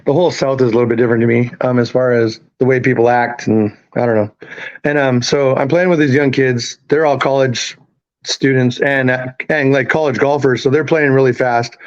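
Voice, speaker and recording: A man's voice: mid-range voice, lo-fi sound. Profane, laid-back man in his fifties. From Canada. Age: 50s. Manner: candid, profane, laid-back storyteller with many fillers. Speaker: podcast guest. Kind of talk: casual storytelling.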